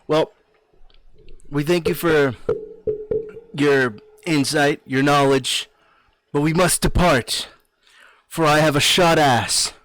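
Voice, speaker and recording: A man voicing a pompous young monster hunter in a tabletop game, talking loud and formal. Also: a little high, takes it slowly, long pauses, no room sound.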